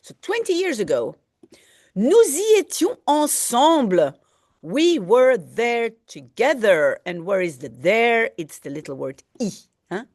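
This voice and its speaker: A woman teacher reads from a novel in a slow, unhurried way, stopping to translate and explain each phrase. Her pitch rises and falls a lot as she speaks. The recording is dry and close, with no room sound. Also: sing-song, no room sound. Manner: patient, explaining vocabulary, peppered with "hein". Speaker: language teacher. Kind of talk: reading a French novel aloud and translating it line by line.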